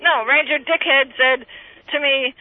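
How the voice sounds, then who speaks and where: A woman calling in to a talk show, ranting in a profane, agitated, rambling way while high on drugs. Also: fairly even intonation, unhurried, dry recording. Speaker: caller. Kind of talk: angry phone-in rant. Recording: tinny phone line.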